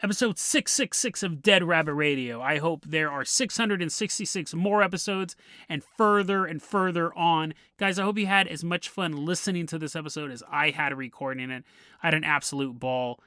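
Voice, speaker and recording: A man's voice: a little high, normal speed, pushed and bright, no echo, clean studio sound. A man hosting a podcast, telling a comedic story and laughing through his lines. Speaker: podcast host.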